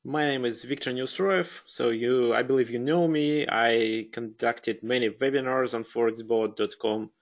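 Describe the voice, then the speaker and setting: A man's voice: medium pitch, steady tone, normal speed, hardly any pauses, lo-fi sound. A man with a Russian accent hosting a live webinar, speaking hesitantly with many fillers and restarts. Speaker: webinar host.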